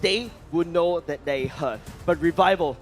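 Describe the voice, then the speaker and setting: A man with a Singaporean English accent calling a mobile game match, shouting with excitement during the fights. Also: fairly high pitch, measured pace, soft background music. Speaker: esports caster. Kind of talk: play-by-play commentary.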